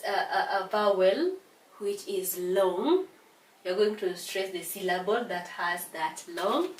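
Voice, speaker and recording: Slow, tired woman teaching English. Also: medium pitch. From Kenya. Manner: slow, repeats words to stress syllables, frequent fillers. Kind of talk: exam revision lesson. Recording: echoey room from a distance, faint hiss.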